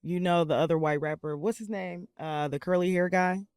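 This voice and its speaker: A mid-pitched speaker argues back in a casual group discussion, challenging each point. The recording is dry and close. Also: fairly even intonation, a little fast, darkish tone, smooth, dry recording. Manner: challenging, argumentative.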